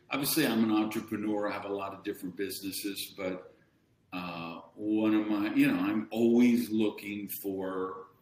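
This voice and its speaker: A man speaking as an interview guest, candid and self-deprecating, mocking other voices now and then. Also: lowish voice. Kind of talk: casual interview chat. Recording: roomy echo.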